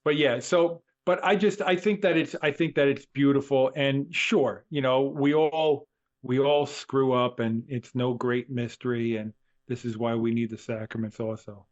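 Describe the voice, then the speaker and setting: A man's voice: medium pitch, fairly even intonation, moderate pace, lo-fi sound. A man co-hosting a radio show, musing reflectively about faith.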